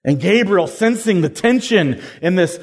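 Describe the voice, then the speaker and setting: A man preaching a sermon to a crowd, telling the story in a lively, casual way with slang. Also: high voice, a little slow, slightly rough. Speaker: pastor. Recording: long hall reverb.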